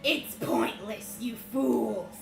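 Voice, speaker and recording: A woman voicing a haughty female villain boss, reading her taunts aloud in a grand, scornful, drawn-out way. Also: fairly high pitch, vocal fry, darkish tone, echoey room, faint music behind, heavily acted. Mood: gloating.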